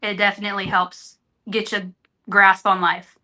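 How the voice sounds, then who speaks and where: A woman's voice: mid-range voice, flat delivery, moderate pace, sharp tone. A woman guest on a podcast, speaking earnestly and openly in candid conversation. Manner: earnest, openhearted storytelling. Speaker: interview guest.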